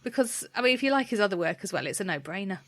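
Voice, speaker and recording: A woman co-hosting a podcast in casual chat, enthusiastic and quick to giggle. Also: medium pitch, lively intonation, a bit bright, no echo. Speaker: podcast co-host.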